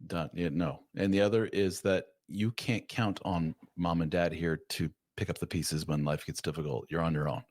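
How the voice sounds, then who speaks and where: A man on a podcast explaining his views in a reflective, measured way. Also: deep voice, fairly even intonation, darkish tone, no room sound, clean studio sound. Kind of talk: casual podcast conversation.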